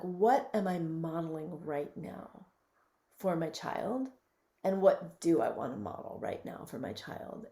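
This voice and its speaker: A woman in her fifties, a physician and midwife, giving reflective, gently emphatic advice as an interview guest over a video call. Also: lowish voice. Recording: roomy echo.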